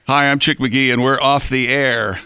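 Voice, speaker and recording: A man's voice: medium pitch, fairly even intonation, normal speed. A man hosting a podcast in casual, jokey chat, laughing easily. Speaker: podcast host. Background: music.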